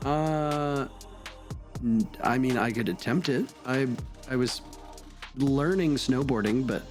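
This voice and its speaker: A man's voice: mid-range voice, slow, faint music behind. A man casting an esports broadcast, chatting loosely and correcting himself as he goes. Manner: chatty, rambling, self-correcting. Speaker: esports caster. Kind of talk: casual broadcast banter.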